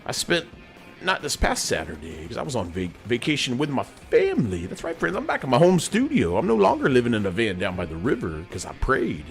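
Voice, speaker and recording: A man's voice: medium pitch, gravelly, fairly bright tone. A middle-aged man, hosting a rambling, folksy monologue from his home studio as a sergeant major persona. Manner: folksy, keeps calling the audience "friends".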